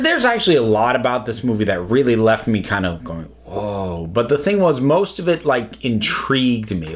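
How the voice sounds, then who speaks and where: A man hosting his own film video, talking in casual commentary that is expressive and halting, with many restarts. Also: medium pitch. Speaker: YouTube host reviewing films.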